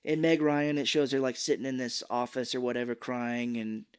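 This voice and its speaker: A man's voice: mid-range voice, steady tone, moderate pace, clean tone. A man co-hosting a podcast, recapping a film in casual chat and jumping into playful impressions of its characters. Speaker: podcast co-host.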